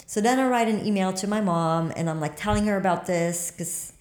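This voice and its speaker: A woman telling a story in casual talk. She acts out her own lines with sudden jumps up into squeaky highs. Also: brisk. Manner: animated, acts out quotes with sudden high squeaks. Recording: echoey room.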